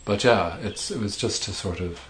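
A man's voice: lowish voice, normal speed, noisy background. A middle-aged male author being interviewed, talking thoughtfully with hesitations and restarts. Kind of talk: reflective conversational interview.

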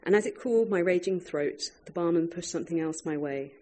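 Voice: medium pitch, brisk, dark tone. An author reading their own food writing aloud to a live audience, wry and breaking off now and then for chatty asides.

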